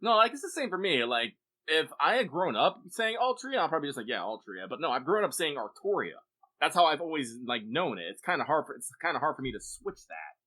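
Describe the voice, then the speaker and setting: A man co-hosting a casual podcast, blunt and loose in his talk and quick to swear. His pitch swings widely and his tone is bright. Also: big pitch swings. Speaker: podcast co-host. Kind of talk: casual chat.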